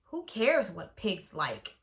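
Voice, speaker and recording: A woman's voice: medium pitch, huge pitch swings, takes it slowly. Woman doing a grumbling stern neighbor lady. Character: grumpy old woman neighbor, stern and sour. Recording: echoey room.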